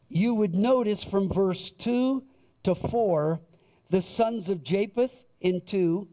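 A man preaching a sermon, reading and explaining scripture in a slow, deliberate manner. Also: fairly high pitch, vocal fry, mellow. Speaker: pastor.

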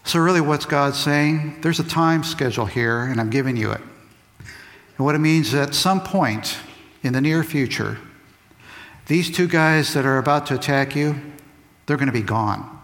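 A man giving a lively, conversational Bible lesson to kids. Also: fairly high pitch, moderate pace. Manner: lively, conversational, acts out quotes. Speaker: Bible teacher. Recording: long reverb of a large hall.

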